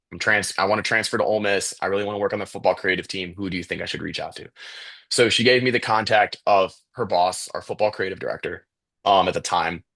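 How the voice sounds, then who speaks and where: A man's voice: low voice, no echo. A young man from Chicago, a student photographer, telling his story casually as a podcast guest with lots of fillers and restarts. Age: young adult. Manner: relaxed, chatty, many fillers and restarts.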